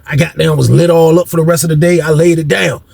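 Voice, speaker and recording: A young man casually telling a story from his own life, slangy and animated, acting out the voices of the people in it. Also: on the high side, fast, gravelly, no room sound. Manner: animated, slangy, acts out quotes.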